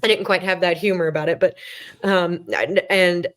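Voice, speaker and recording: Guest, woman, 30s, low voice, candid and self-mocking storyteller, chatty with fillers. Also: fairly even intonation, moderate pace, a bit bright. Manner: candid, self-deprecating, many fillers and restarts; acts out her own past thoughts in quoted voice. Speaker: podcast guest. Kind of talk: conversational storytelling.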